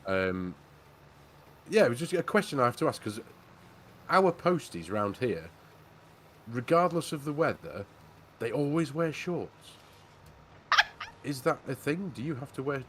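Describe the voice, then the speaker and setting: A fairly low-pitched, somewhat bright male voice comes through with a little hiss or hum. He's a jokey, chatty co-host on a farming game livestream, reading chat messages aloud and saying "mate" a lot in casual banter.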